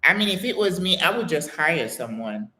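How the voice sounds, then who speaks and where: An older American woman hosts a live Q&A stream from an echoey room, casually answering viewer comments. Her voice is fairly low and her pace normal, and she tells stories in a chatty, animated way with exclamations and laughter.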